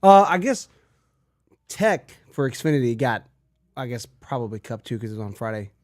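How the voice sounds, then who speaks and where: A man's voice: mid-range voice, very animated, moderate pace, darkish tone, dry recording, studio quality. A man co-hosting a podcast, chiming in eagerly during a casual chat. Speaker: podcast co-host.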